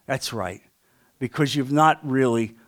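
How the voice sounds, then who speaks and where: A male pastor preaching a sermon with passion, asking the congregation questions and swinging from loud to hushed. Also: mid-range voice, a little slow.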